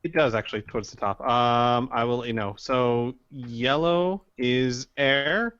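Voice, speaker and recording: A man's voice: mid-range voice, unhurried, fairly bright tone, clear, resonant tone. A man running a tabletop role-playing game as game master. He hesitates and restarts as he explains rules. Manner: hesitant, lots of ums and restarts while ruling. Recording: dull lo-fi mic.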